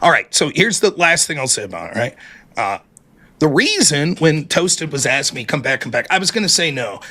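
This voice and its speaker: A man's voice: fairly high pitch, sing-song, normal speed, pushed and bright. A man arguing in a heated online debate from his home streaming setup, defensive and profane, stumbling and restarting as he pushes his case. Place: home streaming setup under bright lights.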